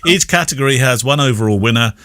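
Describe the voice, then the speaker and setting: A man's voice: mid-range voice, fast talker, fairly bright tone, no echo, clean studio sound. A British man co-hosting a photography podcast, chatting casually, laughing easily and reading listener mail aloud. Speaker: podcast co-host. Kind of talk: casual chat.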